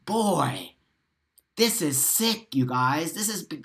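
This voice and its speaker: A man hosts a casual live stream, reading viewer comments and answering them heatedly and emphatically, swearing freely and talking straight to his audience. He's over-caffeinated after a poor night's sleep. His fairly high, fairly bright voice has lively intonation but a slow pace.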